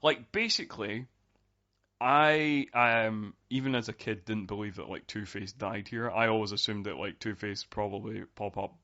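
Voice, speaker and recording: A man around forty co-hosting a casual podcast about a movie, rambling through fillers and restarts and growing animated. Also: lowish voice, moderate pace. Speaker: podcast co-host. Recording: dull lo-fi podcast audio.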